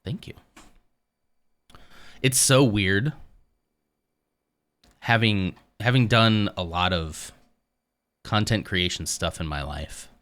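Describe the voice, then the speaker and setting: A man with a lowish, smooth voice streams live from his home office, chatting slowly with long pauses. He rambles a little in a relaxed way, talking casually to his viewers in chat.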